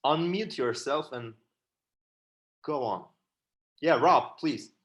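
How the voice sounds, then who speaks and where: A man with a high-pitched voice hosts a panel over a video call. He is loose and chuckling, reads out questions from the audience and hands the floor to the guests. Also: slow pace, a bit bright. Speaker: moderator of an online panel. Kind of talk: hosting a video-call discussion.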